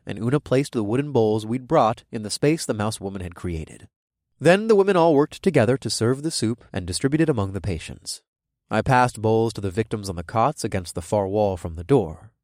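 A man narrating a first-person fantasy story in an expressive storytelling manner. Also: mid-range voice, no room sound, clean studio sound. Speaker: audiobook narrator.

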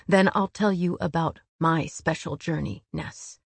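A woman reading the lines of a fierce winged male warrior with icy, controlled fury, speaking in a low, clipped, intense way. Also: a little slow, dry recording.

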